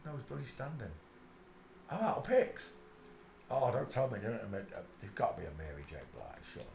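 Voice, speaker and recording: A man's voice: medium pitch, big pitch swings, fairly quick, gravelly, darkish tone. A man hosting a casual live stream, mocking what he sees on screen and mumbling to himself as he searches. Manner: mocking, laughs a lot, mutters to himself. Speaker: channel host. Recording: roomy echo with faint background noise.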